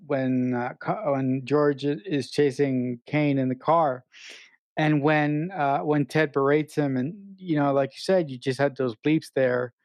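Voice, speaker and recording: A man co-hosting a podcast, talking through a film in a halting way, often repeating words and restarting. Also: fairly high pitch, darkish tone, no echo. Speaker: podcast co-host. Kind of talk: casual film review chat.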